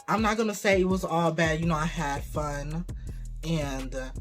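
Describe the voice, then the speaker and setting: A young adult vlogger telling a casual story about their first job, cursing freely and getting animated. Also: medium pitch, moderate pace, faint music behind.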